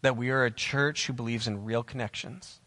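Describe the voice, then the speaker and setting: A man's voice: medium pitch, steady tone, moderate pace, pushed and bright. A man preaching a sermon to camera, emphatic and repeating his key phrases. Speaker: pastor. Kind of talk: sermon to camera for online viewers. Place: church, filmed on camera. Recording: long reverb hall.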